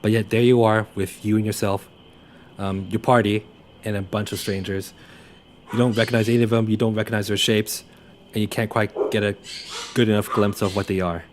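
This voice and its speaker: Young male game master, very low voice, halting narration full of fillers, faint noise behind. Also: level tone.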